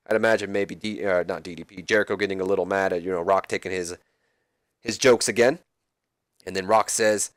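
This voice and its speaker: A man's voice: low voice, steady tone, a little fast, no room sound, studio quality. A man casually narrating a wrestling management game playthrough, using plenty of fillers. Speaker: game commentator. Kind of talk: let's play narration.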